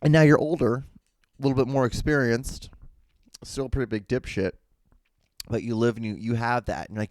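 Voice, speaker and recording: A man's voice: mid-range voice, lively intonation, brisk, a little mellow, no echo. A man in his thirties hosting a solo podcast, telling a long story in a rambling, profane way full of restarts. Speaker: podcast host.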